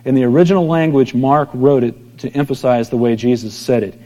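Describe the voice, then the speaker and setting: A middle-aged pastor giving a conversational sermon, telling stories and acting out quoted voices. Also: male voice, medium pitch, a little fast, warm tone. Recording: long hall reverb.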